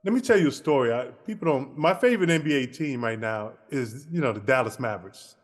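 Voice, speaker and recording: A man co-hosting a podcast, telling a lively basketball anecdote and acting out the dialogue. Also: medium pitch, quick pace, long reverb tail. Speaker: podcast co-host. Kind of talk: casual storytelling.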